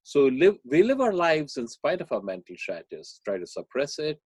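A man as a podcast guest, explaining ideas and telling a parable in a measured way. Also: fairly high pitch, big pitch swings, a little mellow, breathy edge, no echo. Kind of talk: podcast interview, storytelling.

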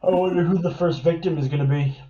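A man's voice: a little high, fairly even intonation, quick pace, crowd noise. Wry man in a dull, roomy recording. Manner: wry, joking asides. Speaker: podcast co-host. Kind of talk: casual comic book chat.

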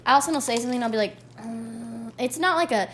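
A young woman co-hosting a podcast, talking in an animated, playfully bossy way. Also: a little high, racing. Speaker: podcast co-host. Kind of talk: casual chat.

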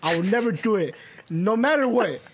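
A man's voice: high voice, expressive, moderate pace, a little hiss or hum. A young man co-hosting a podcast, telling rambling stories in casual chat and swearing a lot. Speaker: podcast co-host.

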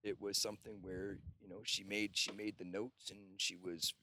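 A man's voice: sits low, little pitch movement, moderate pace, bright, forceful tone, a little hiss or hum. A man, host of an off-grid cabin, telling long rambling stories in casual conversation and swearing now and then.

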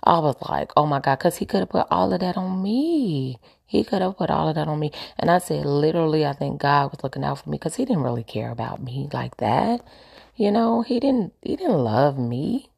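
A woman's voice: sits low, animated, normal speed, creaky, a little mellow, breathy edge. A woman telling a personal story candidly, emphatic and repeating her points with preachy asides.

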